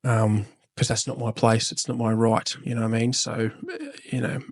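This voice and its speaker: A man's voice: mid-range voice, flat delivery, moderate pace. A man who is a military veteran and father, speaking frankly and reflectively as a podcast guest and swearing freely. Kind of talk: candid reflective conversation.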